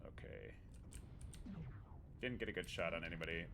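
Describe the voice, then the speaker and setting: Male game streamer, low and very expressive, playful, fond of silly sound effects, home desk mic. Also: normal speed, creaky, noisy background. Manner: playful, jokey, makes beep-boop sound effects. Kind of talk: casual live-stream commentary.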